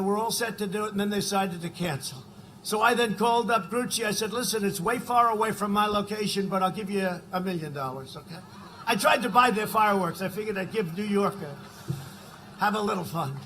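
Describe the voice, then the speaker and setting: Bright high-pitched older man at a rally. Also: a little hiss or hum, poor audio. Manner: rambling, conversational asides, sudden shouted lines. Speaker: political rally speaker. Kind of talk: campaign rally speech. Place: political rally.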